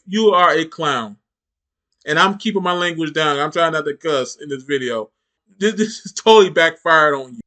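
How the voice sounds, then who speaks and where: A man's voice: high-pitched, pushed and bright. A man hosting a reaction channel, giving heated, mocking commentary with lots of repetition.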